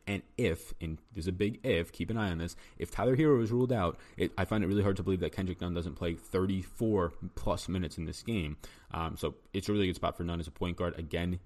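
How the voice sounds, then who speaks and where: A man hosting a fantasy sports podcast, giving a solo breakdown of basketball picks in a rapid, talky style with frequent ums and restarts. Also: low-pitched.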